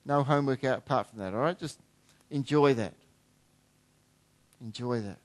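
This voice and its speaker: A middle-aged man preaching a sermon in a conversational way, dropping to quiet asides and rising to emphatic points. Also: medium pitch, fairly quick. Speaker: pastor.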